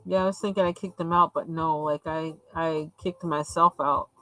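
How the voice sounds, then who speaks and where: A woman's voice: sits low, steady tone, normal speed, fairly bright tone, soft background music, poor audio. A woman from the United States hosting a live coloring stream, chatting casually, laughing often and acting out the lines she quotes. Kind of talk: casual storytelling chat.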